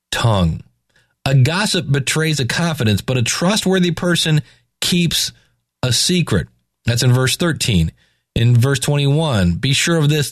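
A man reading Bible passages aloud and paraphrasing them in a relaxed, slangy way. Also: medium pitch, no echo, clean studio sound. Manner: reads scripture aloud then paraphrases in slangy asides. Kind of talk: casual Bible reading and commentary.

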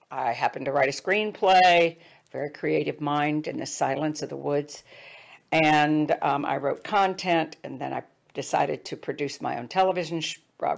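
A middle-aged woman earnestly telling a personal story, her voice dropping hushed at tender moments. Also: low voice, creaky. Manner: earnest, drops to hushed tones for quoted advice. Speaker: speaker.

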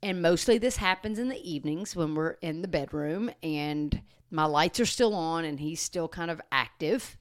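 A woman with a somewhat low voice talks through dog training on a podcast in a relaxed, unscripted way. She explains earnestly and steadily, at times slowing down and going soft to show how calm speech sounds. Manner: earnest, explanatory, slows and softens to demonstrate calm talk. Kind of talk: casual podcast chat.

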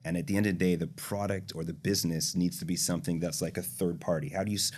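Canadian man, startup founder, very low pitch, husky tone, earnest explaining. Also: steady tone, quick pace, darkish tone. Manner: earnest, explanatory, some restarts. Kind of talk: casual podcast conversation.

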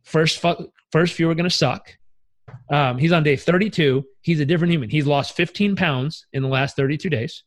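A man coaching as a podcast guest, telling stories in an energetic, emphatic and casually profane way. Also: fairly high pitch, normal speed. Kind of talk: podcast interview storytelling.

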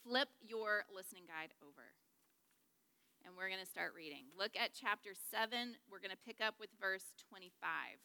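A woman's voice: mid-range voice, moderate pace, pushed and bright, clear, resonant tone, in a large hall. A woman teaching a Bible study lesson to a group in a chatty, joking way, checking in with her listeners. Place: large room with a group.

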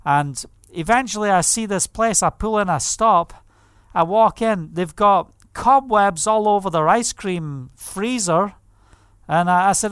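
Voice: medium pitch, expressive, slow pace, fairly bright tone, smooth, no echo, studio quality. A preacher giving a fervent testimony sermon, telling stories vividly. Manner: vivid storytelling, acts out quoted voices, fervent.

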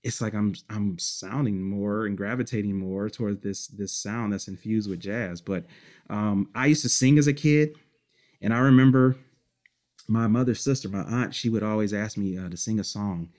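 A man with a fairly low voice talks through old memories at an easy, unhurried pace. He rambles, restarts and fills gaps with ums and "you know", laughing quietly between stories. He comes across as a musician recalling his past in a casual interview. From Detroit, United States. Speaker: musician guest.

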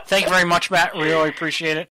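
Bright-voiced jokey male podcast host. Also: high-pitched, huge pitch swings, fast talker, no echo, low-quality recording. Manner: jokey, playful, exclamatory. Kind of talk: casual banter.

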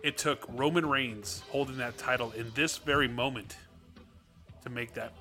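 Casting: male co-host with a bright, forceful voice, rambling wrestling chat. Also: mid-range voice, normal speed, faint music behind. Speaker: podcast co-host.

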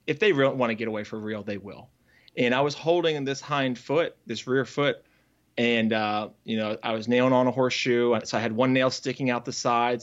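A man, a former farrier, candidly telling his story as an interview guest, earnest and halting with frequent restarts. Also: medium pitch. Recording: slightly dull lo-fi audio.

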